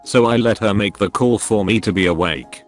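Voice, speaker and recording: A man with a fairly low voice reads stories aloud as scripted narration, keeping a steady, even delivery that spells out abbreviations letter by letter. Soft music plays faintly underneath. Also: normal speed.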